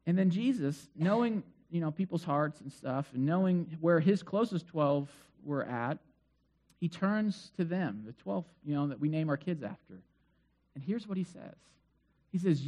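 A man's voice: fairly high pitch, animated, normal speed, a little mellow. A male pastor giving a sermon in a chatty storytelling way, full of asides. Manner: conversational storytelling with many asides.

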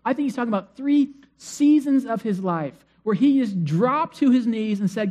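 A pastor preaching a sermon to a congregation in church, emphatic and repetitive, dropping to soft asides and rising to loud pleas. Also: medium pitch, lively intonation, moderate pace, few pauses. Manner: emphatic, repetitive preaching with big swings in loudness.

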